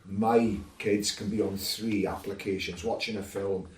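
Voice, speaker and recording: A man's voice: fairly low pitch, fairly even intonation, a little slow, darkish tone, a little hiss or hum. A man from the UK talking through ideas in a casual podcast panel discussion. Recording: roomy, distant mic.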